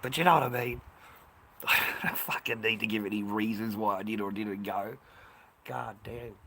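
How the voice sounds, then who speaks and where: A man's voice: on the low side, normal speed, vocal fry, bright, forceful tone, a little hiss or hum. A man in his fifties with an Australian accent, ranting bluntly and swearing a lot as he chats casually with viewers on a livestream. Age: 50s. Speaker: livestream host.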